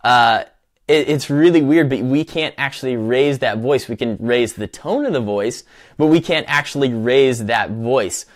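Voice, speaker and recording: A man's voice: medium pitch, measured pace. A man hosting a live running show, talking casually with lots of restarts and fillers. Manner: rambling, with many fillers and restarts. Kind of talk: casual live-stream talk.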